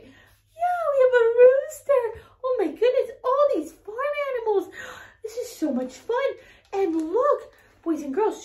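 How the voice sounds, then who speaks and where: A woman's voice: extremely high pitch, darkish tone, echoey room. A woman teaching toddlers in a learning video, with sing-song speech, lavish praise and gasps of wonder. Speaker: toddler teacher and show host.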